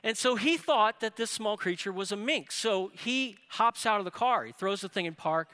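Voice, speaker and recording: A man preaching a sermon, telling a family story with rising excitement. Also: high-pitched, moderate pace. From New Orleans area. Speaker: pastor. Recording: reverberant hall.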